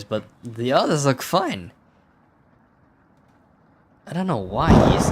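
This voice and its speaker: A man's voice: mid-range voice, a little hiss or hum. A man playing a video game, casually commenting and reading the game's text aloud, swearing often in a dry, sardonic way. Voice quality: profane, sardonic. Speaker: gameplay streamer.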